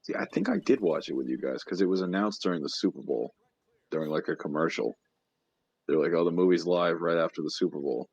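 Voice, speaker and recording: A man's voice: sits low, fast talker, creaky, darkish tone, slight background noise. A man co-hosting a casual podcast chat, giving blunt opinions and laughing often, heard through a dull lo-fi mic. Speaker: podcast co-host.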